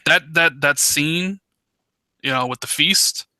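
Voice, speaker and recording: A man with a very bright, sharp voice on a gaming podcast, recorded dry and close. He lays out his opinions analytically and often restarts his sentences. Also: fairly high pitch, slow pace, smooth, no room sound. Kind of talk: casual gaming podcast chat.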